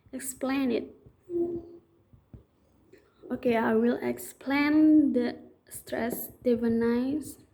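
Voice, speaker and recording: Young female student, slow measured read, mellow tone, halting delivery with restarts. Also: high voice, slight background noise, rough recording. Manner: halting, restarts words, non-native English phrasing. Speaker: student answering test questions. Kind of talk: reading prepared exam answers.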